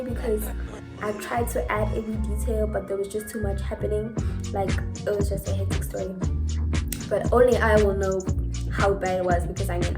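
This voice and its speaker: A young woman vlogger telling a story in a casual, dramatic and animated way, repeating words for emphasis. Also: mid-range voice. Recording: echoey room.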